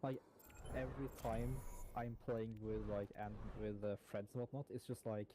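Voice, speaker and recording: A man's voice: on the low side, fairly even intonation, normal speed, mellow, slight background noise. A man talking casually while gaming, rambling with many fillers and casual swearing. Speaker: gamer.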